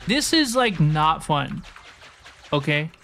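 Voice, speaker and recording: A man's voice: a little high, very animated, slow, bright, forceful tone, soft background music. A man livestreaming a game, chatting with viewers, thanking subscribers and griping about the level design. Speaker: streamer. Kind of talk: casual gameplay livestream chat.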